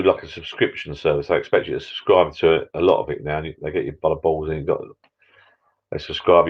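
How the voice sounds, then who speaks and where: A very low-voiced man rambles through a casual live-stream chat from his backyard pub shed. He grumbles, cuts himself off and wanders between topics. The audio sounds dull and lo-fi. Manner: rambling, chatty, self-interrupting, grumbling.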